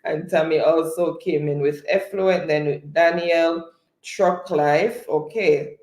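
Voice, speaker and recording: Quiz host, slow unhurried delivery, reads chat aloud, roomy echoey sound. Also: mid-range voice, fairly even intonation, a little mellow. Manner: unhurried, chatty, reads out comments. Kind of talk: live-stream spelling game, reading chat aloud.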